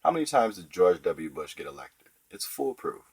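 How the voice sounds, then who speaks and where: A man's voice: low voice, big pitch swings, normal speed, husky, dry recording, heavily acted, low-quality recording. A man reading the part of a smug, scheming schoolboy who lectures like a small politician.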